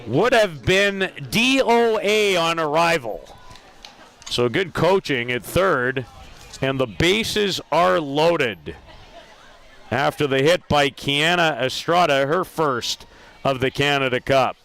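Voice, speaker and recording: A man calling a softball game play by play, lively, with self-deprecating asides about player names. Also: on the high side, takes it slowly, vocal fry. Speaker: play-by-play announcer. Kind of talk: sports commentary.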